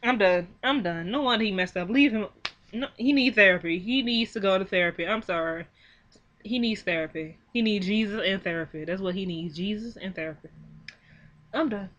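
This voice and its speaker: A young woman giving a casual film recap, animated and exclaiming, acting out the characters' lines in quick quoted bits. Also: mid-range voice, dull audio. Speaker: film reviewer. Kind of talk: casual movie recap and commentary.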